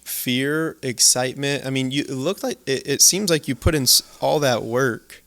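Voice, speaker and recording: A man's voice: mid-range voice, normal speed, fairly bright tone. A man hosting a podcast, asking long, rambling questions and encouraging his guest with short affirmations. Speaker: podcast host. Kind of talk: conversational interview.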